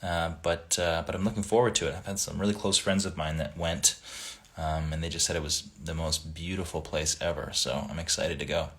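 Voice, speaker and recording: A man hosting a casual livestream, reading viewer comments aloud and chatting back in a relaxed, friendly way. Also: sits low, brisk. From Italian family background.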